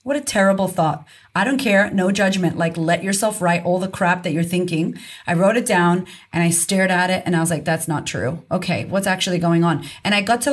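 A woman guest with a lowish voice speaks in a casual podcast conversation. She is a confidence coach who talks frankly and with emphasis. She swears casually as she makes her points.

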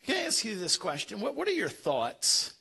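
Man, sermon, bright tone, repeats words for emphasis. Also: high voice, huge pitch swings, normal speed, vocal fry, husky. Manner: emphatic preaching with frequent stammered repeats. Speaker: pastor.

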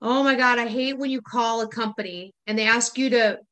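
Bright-voiced woman ranting on a podcast. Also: on the high side, steady tone, a little fast. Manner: exasperated ranting with frequent laughter and swearing. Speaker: podcast co-host. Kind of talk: casual chat.

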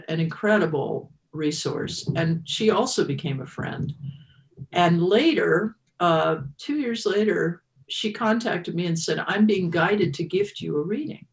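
A woman in her fifties telling a personal story as an interview guest, reflective and emotional, with many restarts. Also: low voice.

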